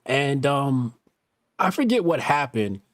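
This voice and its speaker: A man's voice: mid-range voice, slow, no room sound, clean studio sound. A man hosting a talk show, telling stories casually with lots of swearing, acting out quotes. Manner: profane, animated storytelling, acting out quotes. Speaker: podcast host. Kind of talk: casual storytelling chat.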